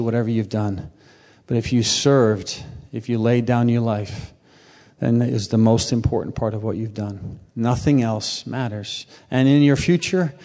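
Passionate preacher in a reverberant hall. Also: male voice, medium pitch. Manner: passionate, with sudden rises and soft drops. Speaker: pastor. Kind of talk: sermon.

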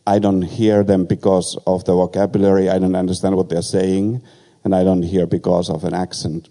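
An older man with a foreign accent, sharing a personal testimony with humor as a guest speaker at a church, in a halting storytelling way with many fillers. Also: low-pitched, flat delivery, dark tone. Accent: foreign accent in English.

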